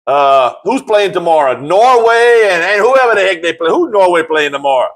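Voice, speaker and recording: A man hosting a casual sports talk show, animated and jokey, repeating himself and jumping up high when excited. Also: normal speed.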